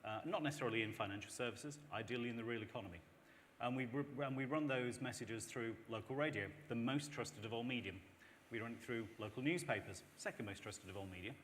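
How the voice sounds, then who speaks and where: A man's voice: mid-range voice, a bit bright. A man argues his point on a conference panel, emphatic and persuasive. His voice sits in a medium register. It carries a long hall reverb over a faint background hiss. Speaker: panel speaker. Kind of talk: panel discussion.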